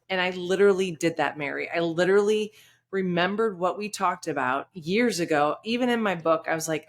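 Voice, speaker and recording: A woman's voice: fairly low pitch, brisk. A woman hosting a podcast, chatting enthusiastically and sharing a personal story. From United States. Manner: enthusiastic, tells personal stories. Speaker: podcast host. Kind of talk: casual chat.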